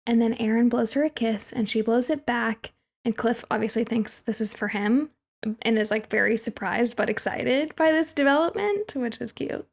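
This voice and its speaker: A woman's voice: fairly high pitch, normal speed, gravelly. A young woman co-hosting a podcast, casually recapping a movie and laughing often. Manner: chatty, laughs often, recaps plot scenes. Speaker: podcast co-host.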